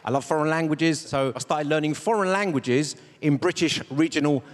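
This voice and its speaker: A male comedian giving an animated stand-up audition on a large theatre stage, slipping in and out of silly voices. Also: fairly high pitch, moderate pace, in a large hall, background noise. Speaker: comedian and voice-over artist auditioning. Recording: theatre stage with a live audience laughing.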